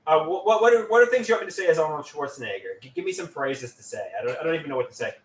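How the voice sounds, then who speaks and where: A man's voice: a little high, expressive, racing. A man chatting casually on a live stream from home, rambling with lots of stammered restarts. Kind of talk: casual livestream chat. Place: at home, doing laundry. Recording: roomy, from a distance.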